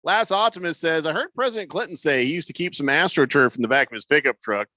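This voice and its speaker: A man's voice: on the high side, animated, fast talker, sharp tone, no echo, clean studio sound. A man hosting a sports radio talk show, joking around and reading listener messages aloud. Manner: jokey, reads listener messages aloud, laughs often. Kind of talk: casual sports radio banter.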